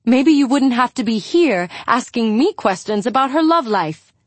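A woman's voice: mid-range voice, lively intonation, unhurried, darkish tone, dry recording. A woman voicing a weary, defensive young woman. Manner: curt, tired and defensive. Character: weary defensive young woman grieving her best friend.

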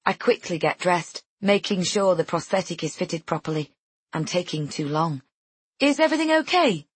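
A woman narrating a first-person novel in a measured, intimate way. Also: deep voice, steady tone, slightly rough, no echo. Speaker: audiobook narrator.

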